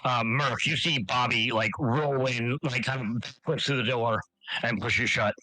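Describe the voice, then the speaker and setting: A man's voice: medium pitch, measured pace, dry recording, low-quality recording. A man running a tabletop game, narrating casually with many fillers. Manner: relaxed, filler-heavy, improvising. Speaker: game master.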